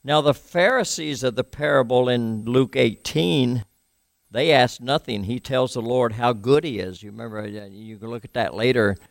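A male pastor giving a sermon in a conversational way, asking his listeners questions and letting his voice drop low and soft at times. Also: moderate pace, vocal fry, no room sound, clean studio sound.

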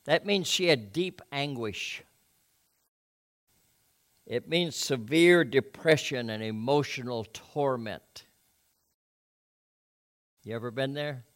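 A preacher delivering a sermon, reading scripture and making conversational, folksy asides to the congregation. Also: male voice, medium pitch, slow, long pauses, fairly bright tone.

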